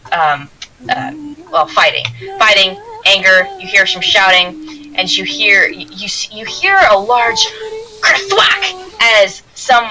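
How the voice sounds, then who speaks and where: A woman's voice: mid-range voice, bright, forceful tone, slight background noise, rough recording. A woman narrating as game master in a tabletop game, rambling with restarts. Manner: rambling, many restarts and fillers.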